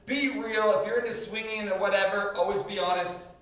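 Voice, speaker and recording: A man's voice: high voice, fairly even intonation, fairly quick, fairly bright tone. A man co-hosting a crude comedy podcast, joking loosely with lots of fillers. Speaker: podcast co-host. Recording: echoey room, distant mic.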